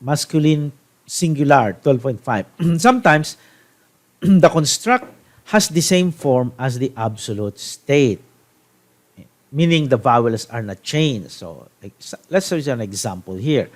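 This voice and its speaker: Slow, deliberate male language teacher. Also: mid-range voice, animated. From Philippines. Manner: slow, deliberate, with frequent "okay?" checks and restarts. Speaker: Biblical Hebrew teacher. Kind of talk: classroom grammar lecture.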